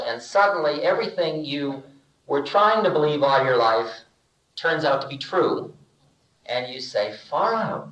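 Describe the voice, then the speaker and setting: An older man giving a relaxed spiritual talk, telling stories and acting out bits of dialogue with humor, in an archival lecture recording. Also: mid-range voice, reverberant, dull audio. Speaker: spiritual teacher.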